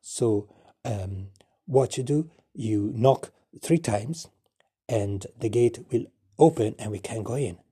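A man voicing a laid-back male shark companion who talks in a casual, slow and drawn-out way. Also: fairly low pitch, dark tone, husky. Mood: instructive.

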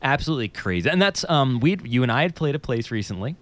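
A man's voice: medium pitch, fast, no echo. A man, a musician, chatting casually and telling stories with a slightly nasal voice, swearing freely. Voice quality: a little nasal. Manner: animated storyteller, swears freely. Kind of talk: casual podcast chat, storytelling.

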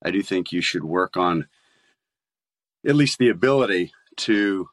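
A man's voice: sits low, expressive, unhurried, dry recording. An American man, a voice actor, chatting casually in an interview, laughing often and restarting sentences. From United States. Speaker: voice actor guest.

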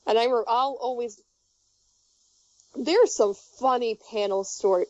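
Her voice is fairly high and her pace measured as she chats, a young woman rambling through giggly anecdotes and restarting often amid plenty of fillers. The dull, muffled recording carries no echo.

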